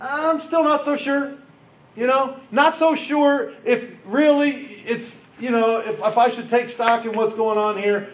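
A man's voice: sits high, normal speed, fairly bright tone, poor audio. A man voicing Gideon as a doubtful, sarcastic young man who talks in a wry, hesitant way.

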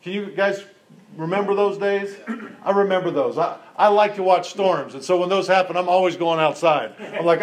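A man delivers a sermon. He retells the scripture like a storyteller, putting questions straight to his listeners. His delivery is animated and conversational. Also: high-pitched, moderate pace. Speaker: pastor.

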